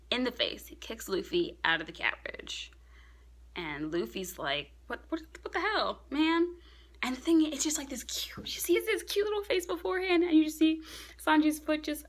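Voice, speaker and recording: A young woman talks through a comic chapter in a casual, excitable way. Her voice sits mid-range, and she often drops to a hushed whisper at the tense parts. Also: mid-range voice. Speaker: manga reviewer.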